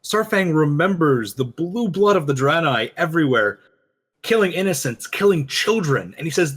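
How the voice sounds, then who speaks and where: A man co-hosting a casual discussion, telling a story with lively quoted lines. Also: on the high side, moderate pace, husky. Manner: animated storytelling, quoting characters. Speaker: podcast co-host.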